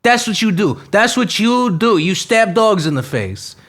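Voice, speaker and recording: A man voicing a hot-tempered, self-righteous police supporter who rants in a loud tirade. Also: high voice, very animated, measured pace, full character voice. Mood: furious.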